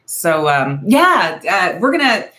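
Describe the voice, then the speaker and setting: Bubbly woman hosting a livestream, bright and excitable, casual chatter. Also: fairly low pitch, normal speed. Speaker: livestream host.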